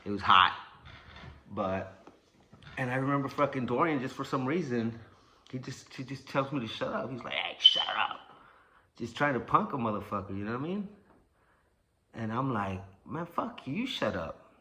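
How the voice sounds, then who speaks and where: A man's voice: mid-range voice, lively intonation, normal speed, long pauses, pushed and bright, a little hiss or hum. A man telling a story from his school days in a casual, rambling way, swearing a lot and acting out the sounds.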